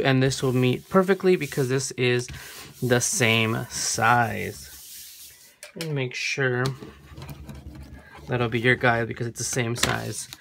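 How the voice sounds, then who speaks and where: Gravelly-voiced crafter, chatty and self-correcting. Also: medium pitch, noisy background. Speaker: craft tutorial host. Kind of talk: casual hands-on craft demo. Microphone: camera framing a work surface.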